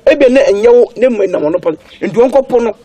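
A man's voice: extremely high pitch, animated, quick pace, mellow, no echo. An actor playing a stern man who lectures his family in a film drama. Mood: lecturing.

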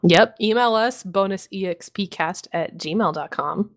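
A woman's voice: medium pitch, a little slow. A woman co-hosts a tabletop gaming podcast in an easygoing, chatty way. She laughs often, swears casually and pokes fun at herself. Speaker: podcast co-host. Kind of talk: casual chat about tabletop games.

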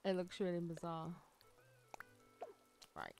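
A woman's voice: on the low side, wildly swooping pitch, slow pace, a little mellow. A woman streaming a game, chatting casually and gushing with thanks, often gasping and giggling. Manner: bubbly, gushing thanks, frequent gasps and giggles. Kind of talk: casual livestream chat while gaming. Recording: faint game music behind.

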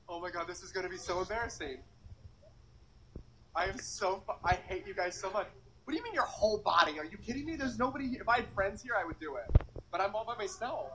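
A man's voice: high voice, a bit bright, a little hiss or hum, poor audio. A young man vlogging outdoors beside a public fountain, talking in a flustered, anxious, rambling way full of swearing. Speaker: vlogger doing a dare. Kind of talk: casual vlog to camera.

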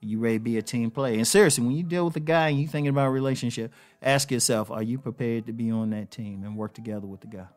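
A man's voice: mid-range voice, fast, hardly any pauses, faint music behind. A man hosting a casual relationship advice monologue, blunt and informal, repeating key phrases for emphasis. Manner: informal slang-heavy delivery. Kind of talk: casual direct-to-camera monologue.

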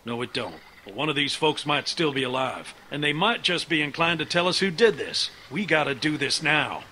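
An actor playing a gruff, grizzled uncle who leads a band of survivors in a game, blunt and commanding. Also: male voice, a little high, lively intonation, normal speed, bright, forceful tone, a little hiss or hum, rough recording. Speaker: video game character. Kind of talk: game dialogue.

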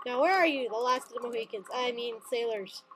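A woman giving gaming commentary as a let's player, gleeful and excitable, with squeals and cackling. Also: on the high side, a little fast, noisy background.

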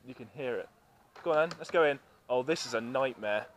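A man's voice: mid-range voice, fairly quick. A man chatting casually through a vlog and directing his friend around an outdoor theme park. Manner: chatty, animated, giving directions. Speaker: vlogger. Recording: noisy outdoor camera audio.

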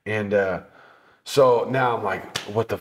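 Animated man telling a road-trip story. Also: on the low side, slow, slight background noise. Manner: animated, swearing, acts out quotes. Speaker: motorcycle traveler telling his trip. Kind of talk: casual storytelling interview.

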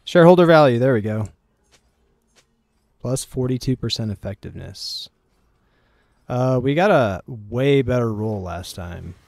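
Gravelly man muttering through a game. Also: fairly low pitch, slow, pauses often, darkish tone, dry recording. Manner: muttering, thinking aloud, swears at setbacks. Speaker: gameplay streamer. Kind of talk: casual gameplay commentary.

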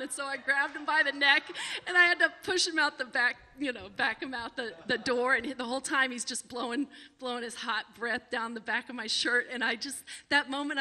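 A woman in her forties telling a personal story on stage to a small live audience, animated and often laughing. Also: high-pitched, long reverb tail. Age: 40s.

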